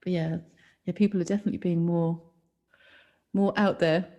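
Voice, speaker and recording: A woman co-hosting a podcast, telling animated stories in casual chat and laughing often. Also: fairly low pitch, normal speed. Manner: animated storytelling, laughs often, acts out quoted voices. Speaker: podcast co-host.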